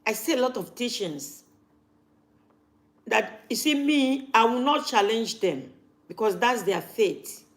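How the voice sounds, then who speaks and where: A woman's voice: a little high, expressive, slow, pauses often. A woman, talking casually to camera as a vlogger and repeating her points for emphasis.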